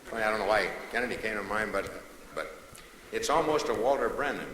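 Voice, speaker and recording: A man's voice: fairly low pitch, animated, a little fast. A man doing a rambling stand-up monologue, giggling between playful asides. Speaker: comedian. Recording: live hall with long reverb, loud hiss.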